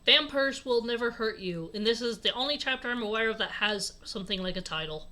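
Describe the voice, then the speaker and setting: Casting: young woman, comedic read-aloud host, slightly high, bright tone. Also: animated, fairly quick. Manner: sarcastic, laughing asides between read lines. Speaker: host reading a fan fiction aloud.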